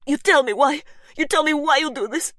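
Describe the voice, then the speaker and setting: A woman's voice: high voice, moderate pace, fairly bright tone, no room sound, clean studio sound, voice pushed up. A woman voicing a fierce young woman with a strong Polish accent who speaks in broken English, furious and tearful.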